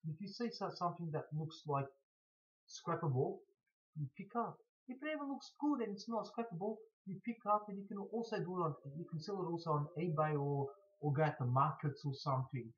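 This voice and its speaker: Stuffy-nosed man, halting speech. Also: on the high side. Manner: halting, stuttering, frequent restarts. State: blocked nose from hay fever. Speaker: scrap collector vlogger. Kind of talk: casual to-camera Q&A. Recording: dull lo-fi recording.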